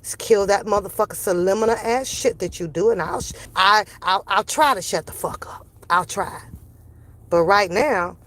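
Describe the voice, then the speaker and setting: A woman's voice: medium pitch, normal speed, fairly bright tone. A woman streamer, ranting to her viewers in brash, mocking, profane commentary. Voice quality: brash, sassy, swearing heavily. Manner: confrontational, mocking, laughs between jabs.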